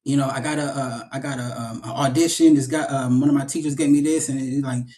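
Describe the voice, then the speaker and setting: An actor being interviewed tells stories in a casual, animated way, frequently repeating his words as he goes. He speaks quickly with a medium-pitched voice.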